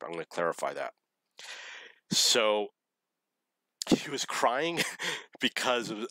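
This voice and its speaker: Middle-aged man, lowish bright voice, dry close sound, blunt rambling storyteller. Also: dry recording. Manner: blunt, opinionated, laughs at his own stories. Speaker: vlogger telling dating stories.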